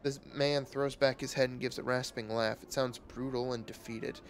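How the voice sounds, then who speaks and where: A man streaming a game who reads its text aloud in a steady, measured way. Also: mid-range voice, slight background noise.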